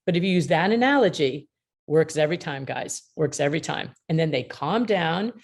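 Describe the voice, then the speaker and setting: A woman with a low, gravelly voice speaks on a video call. She teaches with emphatic humor, slipping into little acted-out exchanges to make her points land. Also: lively intonation, normal speed. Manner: emphatic, humorous, acts out dialogue. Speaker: mediator and author being interviewed. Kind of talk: lively teaching talk with anecdotes.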